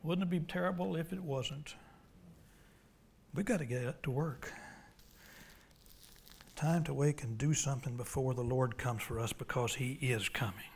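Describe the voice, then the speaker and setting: A middle-aged man preaching a sermon as pastor, pleading loudly at times and dropping to a near whisper in prayer. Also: mid-range voice, a little slow, gravelly, long pauses. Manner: impassioned preaching, swings from loud pleas to whispered prayer.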